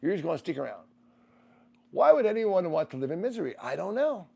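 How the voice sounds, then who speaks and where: Gravelly-voiced man chatting on a livestream. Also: sits high, a little fast. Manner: rambling, animated, swears freely and laughs often. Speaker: livestream host reading viewer comments. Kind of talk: casual livestream chat.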